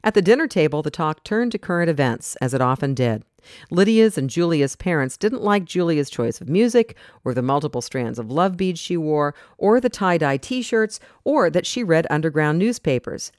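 A narrator reading a storybook in a steady, clear way. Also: mid-range voice, moderate pace, no room sound, studio quality.

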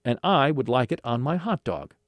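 Man playing an earnest, stubborn little boy for a storybook, pitched up and lively, dry sound. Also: moderate pace, no room sound, close to an everyday voice. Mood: insistent. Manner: insistent, earnest.

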